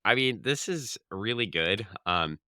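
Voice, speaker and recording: A man's voice: fairly low pitch, expressive, unhurried, sharp tone, no room sound, studio quality. A man co-hosting a podcast, casually retelling a comic book issue in long runs and reading its quoted lines aloud. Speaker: podcast co-host.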